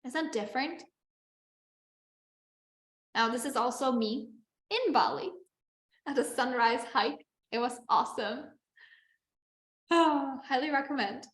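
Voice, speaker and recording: Chatty higher-voiced woman coach, roomy sound. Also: unhurried, long pauses, a bit bright. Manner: chatty and encouraging, with frequent "like" and "okay". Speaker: business coach. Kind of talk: live online masterclass teaching. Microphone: video call.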